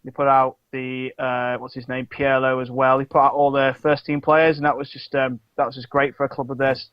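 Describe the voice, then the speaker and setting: A man's voice: medium pitch, level tone, a little fast, no room sound. A man co-hosting a sports podcast, talking casually, with many restarts and fillers. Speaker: podcast co-host. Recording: dull lo-fi dry sound.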